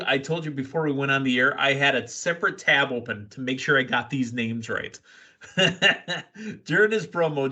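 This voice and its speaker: Bright-voiced excitable male podcast host. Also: medium pitch. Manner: excitable, laughs often, quick asides. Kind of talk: casual wrestling recap chat.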